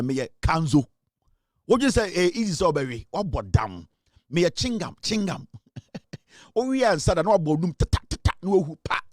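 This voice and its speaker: A young Ghanaian-accented man gives lively, mocking political commentary, his voice sitting a little higher than most men's. He laughs often and keeps swinging between loud outbursts and low asides. The sound is close and dry. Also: no room sound. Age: young adult. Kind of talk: animated live political commentary.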